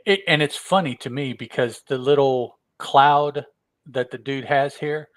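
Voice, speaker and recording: A man's voice: mid-range voice, fairly even intonation, measured pace, no echo. Wry podcast co-host man, dry mic. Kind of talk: casual chat about comics.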